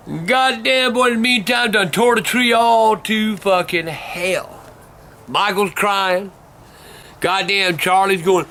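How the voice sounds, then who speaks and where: An older man telling profane stories that break into shouting rants. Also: sits high, slow pace. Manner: cursing constantly, bursts into shouting. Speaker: vlog host telling stories. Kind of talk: profane storytelling rant.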